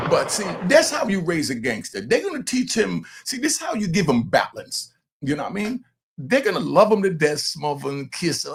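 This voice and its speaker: A man's voice: high voice, sing-song, a little fast, creaky, slightly rough. An older man and grandfather hosting a true crime show, talking bluntly and animatedly straight to his viewers. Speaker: true crime commentator and host. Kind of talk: casual streetwise commentary to camera.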